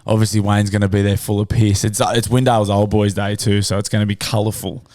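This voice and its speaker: A man's voice: on the low side, flat delivery, fast talker, darkish tone, no room sound, clean studio sound. A man with an Australian accent co-hosting a casual podcast, laughing often and swearing freely. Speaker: podcast co-host. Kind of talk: casual crude podcast chat.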